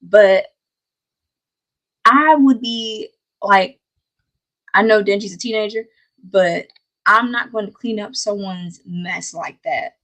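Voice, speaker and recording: Brief: woman, anime recap host, giggly, animated, exasperated asides, mid-pitched voice. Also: slow pace, long pauses, rough recording. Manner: laughs often, animated and playful. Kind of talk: casual recap chat.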